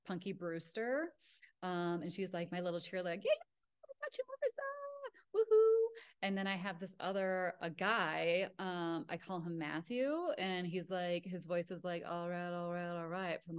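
A woman's voice: lowish voice, smooth. A young adult woman hosting her own podcast, telling a personal story in a casual, chatty way with lots of fillers. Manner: chatty, filler-heavy, lively with acted-out quotes. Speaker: podcast host.

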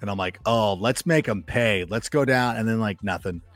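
A man as a guest football analyst in a casual sports chat, telling animated stories, acting out quoted remarks and swearing freely. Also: fairly low pitch, normal speed, no room sound, soft background music. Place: studio.

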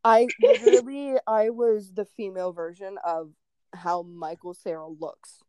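A young woman co-hosting a podcast, telling a story in lively casual chat, swearing and acting out what people said. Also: medium pitch, unhurried, clean tone, dry recording. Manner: animated, swearing, acts out quotes. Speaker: podcast co-host.

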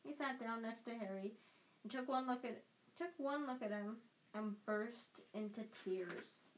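A woman's voice: on the high side, a little slow, rough recording. Woman reading a novel aloud, with frequent restarts. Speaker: audiobook reader.

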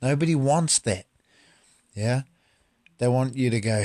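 A man's voice: medium pitch, unhurried, a little mellow, no room sound. A man, a martial artist talking bluntly and profanely in a casual monologue.

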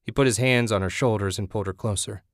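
In a clean studio recording with no echo, a man narrates an audiobook. His voice is fairly low and his delivery stays steady and measured.

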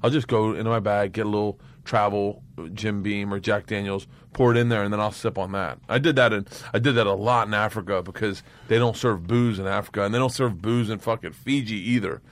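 A man with a somewhat low voice, chatting as a podcast guest. He tells long, profane stories at a loose, rambling pace. He bursts into big laughs between the lines. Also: fairly even intonation, fairly quick, hardly any pauses. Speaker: comedian guest. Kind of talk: casual podcast storytelling.

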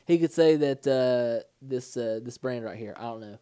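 A young man co-hosting a podcast, telling rambling stories in casual chat with halting restarts. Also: mid-range voice, dark tone, clean tone, no echo. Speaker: podcast co-host.

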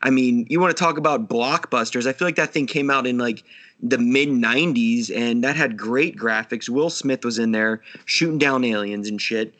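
A man chatting on a podcast, building up his story with growing excitement and laughing between lines. He swears now and then. His voice sits at a middling male pitch. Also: normal speed. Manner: enthusiastic storyteller, laughs often, swears casually. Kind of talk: casual chat.

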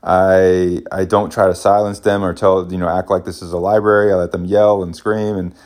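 A man's voice: low voice, little pitch movement, moderate pace, darkish tone. A man in his thirties, a stay-at-home dad, talking casually and rambling with many restarts as he thinks aloud. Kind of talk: casual parenting vlog.

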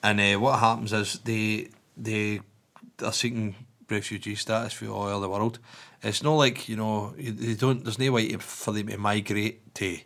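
A man's voice: on the low side, steady tone, moderate pace, a bit bright. Rambling man, casual chat. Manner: rambling, swearing, laughing storyteller.

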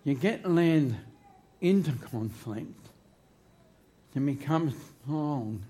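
A man's voice: on the high side, animated, very slow, warm tone. A man preaching a sermon in church into a microphone, emphatic and humorous, drawing his phrases out. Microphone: handheld microphone.

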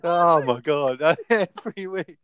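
Young male co-host, animated, close dry mic. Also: on the high side, slow pace, smooth, dry recording. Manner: giggly, rambling anecdote with frequent laughs. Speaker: podcast co-host. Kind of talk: casual storytelling.

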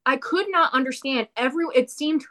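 A woman talking casually about a movie she watched, animated and opinionated, with quick asides. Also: high voice. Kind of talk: casual movie review chat.

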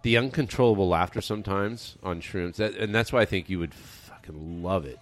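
A man's voice: deep voice, brisk. A man rambling in casual podcast chat, swearing freely and restarting his sentences.

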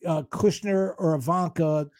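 A male talk show co-host in a heated on-air argument, defensive and combative, breaking into fast rants. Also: a little high, steady tone, crowd noise.

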